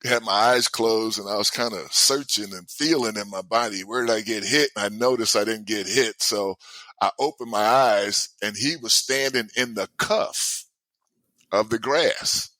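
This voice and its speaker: A man in his sixties telling stories as a guest in a casual chat, animated and often laughing. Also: lowish voice, moderate pace, no echo. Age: 60s. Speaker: guest, former baseball player.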